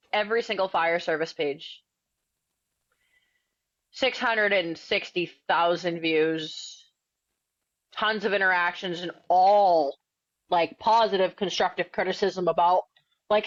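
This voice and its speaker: Blunt, fast-talking young woman. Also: on the low side, dry recording, muffled recording. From New England. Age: 20s. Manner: blunt, outspoken, slangy and quick. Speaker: firefighter and author, podcast guest. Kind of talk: casual interview storytelling.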